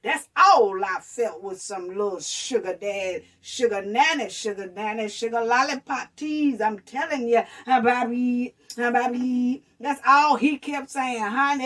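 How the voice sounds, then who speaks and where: Sassy woman vlogger, raised pitch, recorded a little back from the mic. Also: a bit bright, recorded from a distance. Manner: sassy, addresses viewers as honey and baby. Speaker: commentary vlogger. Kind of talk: casual reaction commentary.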